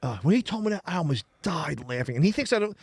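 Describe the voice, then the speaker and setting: A man's voice: fairly high pitch, big pitch swings, fast talker, creaky, a little mellow, husky, no echo. A man telling rambling comic stories as a podcast guest, laughing often and restarting his sentences. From Philadelphia.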